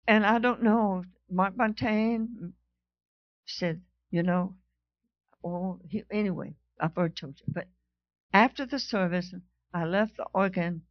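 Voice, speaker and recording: A woman's voice: medium pitch, measured pace, no echo. Fervent woman preaching a sermon. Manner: animated storytelling, reading scripture aloud with rising fervor. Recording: dull lo-fi sound.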